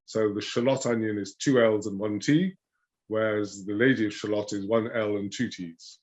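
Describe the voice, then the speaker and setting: A man speaking as a rose expert in a casual chat, hesitant with many fillers, often trailing off softly. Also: fairly low pitch, steady tone, moderate pace. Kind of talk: casual video-call chat.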